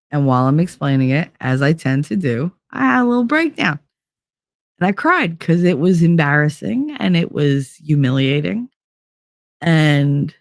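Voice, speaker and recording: A woman's voice: very deep voice, no echo. Fired-up, foul-mouthed woman venting. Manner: profane, fired-up, blunt. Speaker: vlogger. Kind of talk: casual storytelling rant.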